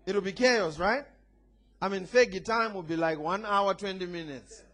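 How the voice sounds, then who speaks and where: A man's voice: sits high, moderate pace, a bit bright. A man preaching a sermon, emphatic and playful, calling on the congregation to respond. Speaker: pastor.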